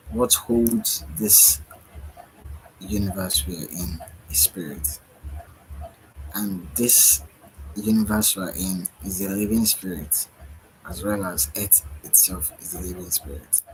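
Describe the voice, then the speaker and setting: This tired man, a spiritual speaker with a voice that sits low, muses slowly through a late-night monologue, yawning and sighing as he goes. The recording is rough, carrying a little hiss or hum.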